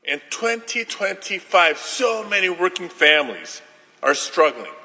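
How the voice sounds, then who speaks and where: A man senator speaks very slowly and deliberately in an indignant floor speech. His voice is raised a little and cuts bright and sharp. A long chamber reverb hangs on every phrase. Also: high-pitched, big pitch swings. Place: large legislative chamber.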